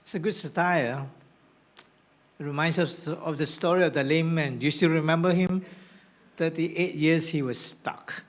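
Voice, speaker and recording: A man preaching a sermon as pastor, swinging from hushed whispers to rousing shouts. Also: a little high, moderate pace. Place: church hall.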